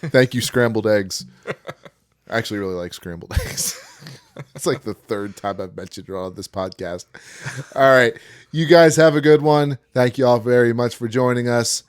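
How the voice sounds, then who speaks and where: Easygoing male podcast host, smooth voice, dry and close. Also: mid-range voice, moderate pace, no room sound. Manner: easygoing, filler-heavy. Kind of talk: casual podcast sign-off.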